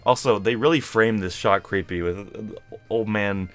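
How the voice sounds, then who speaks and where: A man's voice: lowish voice, fairly quick, fairly bright tone, faint music behind. A young man giving casual, self-mocking commentary while playing a game. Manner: playful, self-mocking, chatty. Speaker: gaming streamer. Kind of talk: casual let's-play commentary. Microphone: webcam and desk mic.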